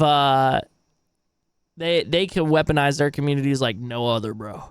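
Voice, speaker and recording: A man's voice: mid-range voice, steady tone, unhurried, smooth, no room sound, studio quality. A young adult man streaming live and reacting to online drama in casual, swearing chat. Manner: casual, swearing, reacts loudly, laughs often.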